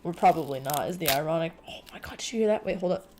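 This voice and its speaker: A woman streamer chatting casually to her viewers, rambling, excitable and full of swearing. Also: low voice, fast, noisy background. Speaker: livestreamer. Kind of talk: casual livestream chat.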